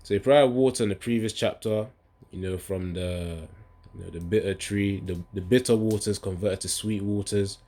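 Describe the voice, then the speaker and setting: Man, lowish voice, casual bible teaching, rambling, stops to find verses, emphatic reading. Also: normal speed, mellow. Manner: rambling, searching aloud, often says "man" and "hold on"; reads verses aloud with rising emphasis. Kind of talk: casual scripture study talk.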